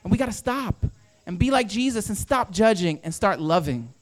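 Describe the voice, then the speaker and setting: A man's voice: high voice, animated, normal speed, dry recording. A man preaching a conversational sermon, full of rhetorical questions and acted-out quotes. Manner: acts out quoted inner voices. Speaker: pastor.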